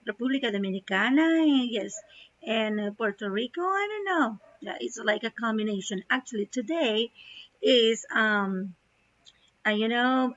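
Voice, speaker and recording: A woman teacher talks through an English reading at a very slow, careful pace. Her voice sits a little high. The recording is dull and lo-fi. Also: fairly bright tone, dry recording. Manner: slow, explanatory, glosses words in Spanish. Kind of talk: classroom lesson, explaining a reading.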